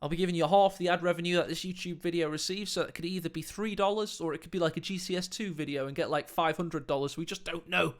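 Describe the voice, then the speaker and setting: A man commentating a strategy video game as host, animated and prone to loud excited outbursts. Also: fairly high pitch, fast talker, few pauses. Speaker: game caster, channel host.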